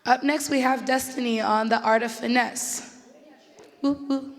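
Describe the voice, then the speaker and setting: A young woman emceeing a school talk event, loud and upbeat as she introduces speakers. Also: fairly high pitch, fairly even intonation, a little slow. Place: school theater stage. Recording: echoey auditorium.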